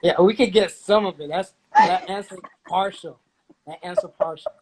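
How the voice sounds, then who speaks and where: A rapper chats casually, playful and animated, now and then bursting out loudly. His voice sits fairly high for a man. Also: moderate pace, noisy background. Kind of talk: casual chat.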